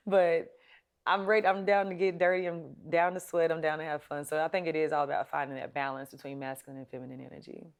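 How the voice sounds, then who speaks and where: A woman with a low, smooth voice hosts a casual advice show. She talks straight to her viewers in a chatty, emphatic way and laughs easily along the way. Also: steady tone, brisk. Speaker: show host. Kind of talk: casual advice talk to camera.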